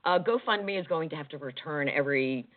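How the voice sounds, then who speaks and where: A woman's voice: deep voice, expressive, brisk, no echo. A woman co-hosting a talk radio show, chatting in a rambling way with many fillers. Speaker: radio co-host. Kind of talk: casual talk radio chat. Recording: tinny phone-like dry sound.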